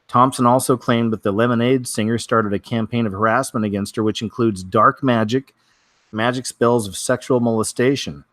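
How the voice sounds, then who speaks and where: A man's voice: mid-range voice, steady tone, moderate pace, a bit bright, dry recording, studio quality. A man hosting a casual weekly news show, wry and offhand, with many fillers.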